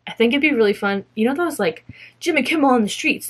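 A woman's voice: a little high, expressive, quick pace. A young woman chatting casually to camera about her spinning and felting projects, rambling and self-mocking, now and then slipping into silly voices. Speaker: fiber craft podcaster.

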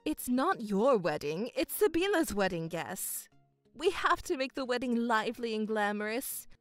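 A domineering middle-aged mother, pompous and loud, her voice pitched high and pushing forward in a dramatized story reading, as a woman puts her on. The delivery is dry and close, with faint music underneath. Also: sing-song, normal speed, no echo. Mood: insistent. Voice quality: loud and overbearing.

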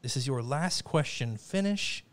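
A man hosts a podcast trivia game with playful, mock-formal announcer flair. His voice sits at an ordinary pitch, and he jokes between the questions. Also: animated, unhurried. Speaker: trivia game show host. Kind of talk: mock game show hosting.

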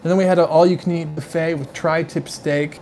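A man's voice: on the high side, fairly even intonation, brisk, a little mellow, slight background noise. A man hosting a casual live stream, gushing over what he tastes and chatting loosely with viewers. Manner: effusive, exclaims over tastes and smells; rambling, chatty asides to viewers. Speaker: livestream host.

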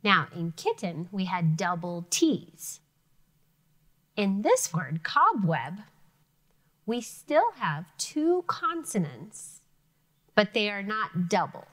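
A woman teacher giving an elementary phonics lesson, sounding out words carefully and clearly for young students. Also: mid-range voice, sing-song, slow, pauses often, fairly bright tone.

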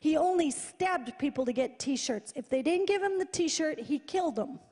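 A woman with a high voice preaches to a live crowd in a big hall, and the long echo trails after her words. She tells her stories with lots of repetition, jumping from loud, excited bursts to hushed asides. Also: normal speed. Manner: animated, repetitive, swings between loud and hushed. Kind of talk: sermon storytelling. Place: large church hall, live event.

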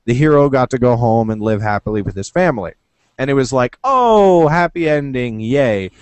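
An excitable man hosting a casual podcast, talking over a video call and swearing freely as he goes. His voice sits at a middle pitch and sounds close and dry, with no room around it. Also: no echo. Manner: excitable, swears freely, slips into quick impressions. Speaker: podcast host. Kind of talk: casual chat. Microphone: computer over a video call.

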